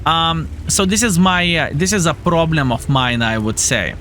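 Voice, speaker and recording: Young streamer, bright tone, lively playful gameplay commentary. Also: male voice, a little high, moderate pace, a little hiss or hum. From Lithuania. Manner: playful, jokey, addresses viewers as fellas. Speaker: gaming streamer.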